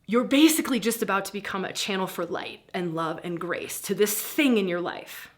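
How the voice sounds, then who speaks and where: Middle-aged lady teaching a spiritual practice, breezy and animated, laughs a lot, mid pitch. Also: moderate pace. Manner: animated, breezy, laughs often, acts out inner voices.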